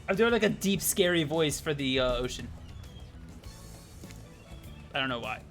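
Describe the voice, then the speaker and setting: A man streaming a dating game, reading the text aloud in an animated, joking way and swearing now and then. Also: on the high side, normal speed, long pauses, faint music behind. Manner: animated, swears and laughs, tries out silly character voices.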